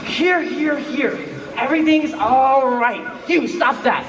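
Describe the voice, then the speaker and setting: A man's voice: very high voice, slow pace, a bit bright, heavily acted. A man playing a fussy, blustering palace doorkeeper in a live stage musical. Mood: bossy. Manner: bossy, blustering stage delivery. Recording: echoey live stage, distant from mic.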